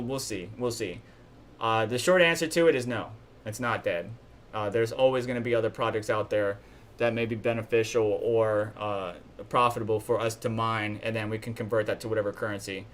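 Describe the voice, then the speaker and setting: A man hosts a live stream from a home setup, running through the news in a loose, conversational way. His voice sits at a middle pitch, and he talks bluntly, griping openly as he goes. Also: fairly bright tone. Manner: chatty and blunt, complains openly.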